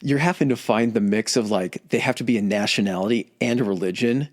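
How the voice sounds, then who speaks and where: Low-voiced joking male podcast co-host. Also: a little fast. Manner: joking and animated, swears, acts out little scenes. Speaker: podcast co-host asking questions. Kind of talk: casual podcast chat.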